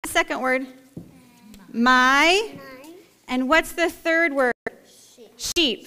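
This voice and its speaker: A woman's voice: high-pitched, slow pace, long pauses, bright, forceful tone. Woman pastor doing a fun kids story in church, gets them acting it out, long echo. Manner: playful, coaxing, directs children to act out the story. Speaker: pastor leading a children's message. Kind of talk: interactive children's story with props. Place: church sanctuary. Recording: echoey church hall.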